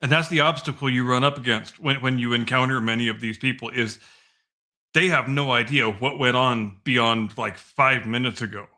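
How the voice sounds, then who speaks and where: A man's voice: mid-range voice, fairly even intonation, moderate pace, bright, forceful tone. A man hosting a podcast in casual chat, opinionated and blunt, swearing freely. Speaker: podcast host.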